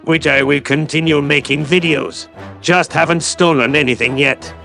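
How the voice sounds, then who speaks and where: Sarcastic man with a gravelly edge. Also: on the high side, fairly even intonation, normal speed, bright, forceful tone, faint music behind. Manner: sarcastic, condescending. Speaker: YouTube commentator. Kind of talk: callout commentary video.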